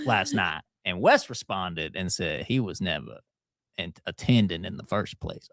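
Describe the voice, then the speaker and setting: Man, low voice, dry studio sound, animated storyteller, co-host. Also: normal speed, no room sound. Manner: animated storytelling, laughs often. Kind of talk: casual political talk show chat.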